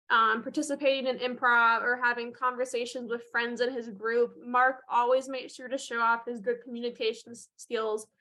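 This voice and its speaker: A woman's voice: fairly high pitch, sharp tone. A woman clinician presenting a certificate at a virtual ceremony, praising a child with enthusiastic pride and a few fillers, over a video call.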